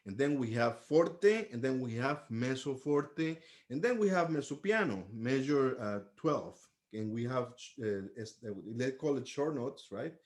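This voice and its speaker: A man with a medium-pitched, lively voice gives a trumpet lesson on articulation, speaking a little slowly with few pauses. He's patient, goes step by step, and sings syllables as demonstrations.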